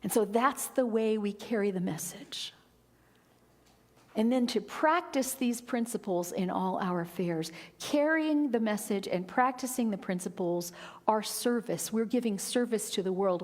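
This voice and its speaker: A middle-aged woman minister giving a sermon, expressive, rising for quotes and dropping to a near whisper. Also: medium pitch. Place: church sanctuary. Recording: long hall reverb.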